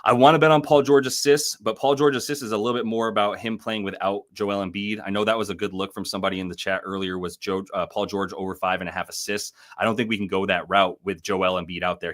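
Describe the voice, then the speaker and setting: A man with a low voice hosts a live betting stream. He rambles casually, swears freely and corrects himself as he goes. His delivery is loose and unscripted. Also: fairly bright tone. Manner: loose, profane, rambling with many fillers. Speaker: sports betting show host.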